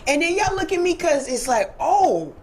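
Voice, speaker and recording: A woman, a guest telling stories in casual talk-show conversation, animated and slangy. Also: very high voice, moderate pace, slight background noise. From New York. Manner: animated storyteller with street slang.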